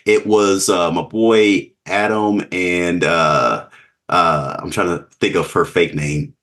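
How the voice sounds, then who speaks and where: Slow, low-voiced laid-back man host. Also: fairly even intonation, heavy background noise. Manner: laid-back, chuckling, self-mocking. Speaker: podcast host. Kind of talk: casual podcast chat.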